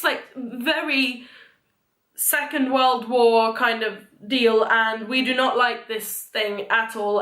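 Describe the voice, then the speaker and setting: A young woman vlogger rambling excitedly through a book recap, full of "like" and fillers. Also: a little high. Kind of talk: casual book talk. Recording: echoey room.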